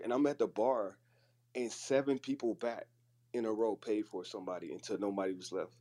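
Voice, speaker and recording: A man in a casual online group chat, telling a personal story in an animated way over a phone app. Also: lowish voice. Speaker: room participant.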